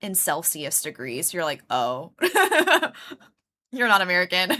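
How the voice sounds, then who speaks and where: Slow, bright-voiced chatty woman streamer. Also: on the low side, wildly swooping pitch. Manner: chatty, laughs often, greets and answers chat; rambling, many "like" fillers. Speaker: live streamer. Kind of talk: casual live-stream chat with viewers.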